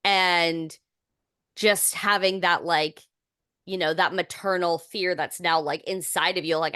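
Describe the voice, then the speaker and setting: A young woman co-hosts a podcast in relaxed, rambling chat. She fills her talk with fillers and restarts, and her voice sits fairly low. The sound is close and dry. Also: measured pace, no echo. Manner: chatty, filler-heavy, many restarts, animated when amused. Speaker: podcast co-host. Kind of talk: casual chat.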